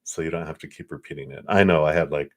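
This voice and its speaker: A man giving a live tarot reading in a gentle, reassuring, meandering way, with many fillers. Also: very deep voice, fast. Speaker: psychic tarot reader.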